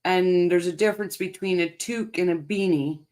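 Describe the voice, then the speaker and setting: A woman's voice: on the low side, normal speed, a little mellow. A woman hosting a casual livestream, laughing and chatting with viewers in the chat. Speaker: livestream host reading chat.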